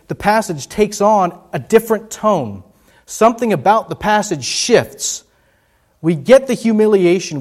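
Male pastor, fairly high voice, sermon delivery with rising emphasis and soft low drops.

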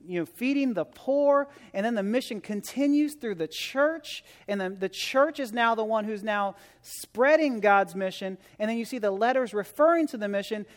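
A man giving a sermon as a visiting preacher, earnest and conversational, often restarting and repeating words, rising to emphatic exhortation. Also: very high-pitched. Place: church sanctuary. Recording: long reverb of a large church hall.

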